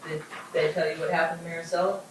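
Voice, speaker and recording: A woman's voice: on the low side, flat delivery, fast, slight background noise. A woman attorney steadily questioning a witness in court. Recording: distant echoey courtroom audio.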